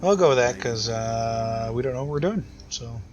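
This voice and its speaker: A man's voice: mid-range voice, normal speed, darkish tone, lo-fi sound, soft background music. An American man thinking aloud and rambling through casual let's-play commentary, with self-deprecating asides. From United States. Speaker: gaming YouTuber.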